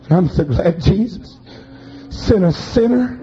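A preacher with a high voice delivers a revival sermon in slow, drawn-out phrases. He swings from quiet storytelling to shouted, chanting peaks. The recording is muffled, with faint music behind him. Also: lively intonation.

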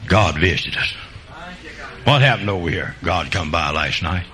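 A man preaching a sermon and telling folksy country stories, jumping between loud high bursts and low quiet asides. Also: animated, normal speed, a loud crowd, rough recording.

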